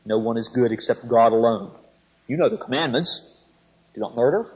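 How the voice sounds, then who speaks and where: A man teaching a Bible lesson in a measured, thinking-aloud way, pausing often to gather his words. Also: mid-range voice, darkish tone. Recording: dull lo-fi recording.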